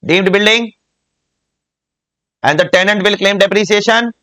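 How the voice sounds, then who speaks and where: Lecturing a class on tax, a man with an Indian English accent keeps asking check questions and goes over key points repeatedly. His voice sits high and sounds pushed and bright, delivered at a measured pace.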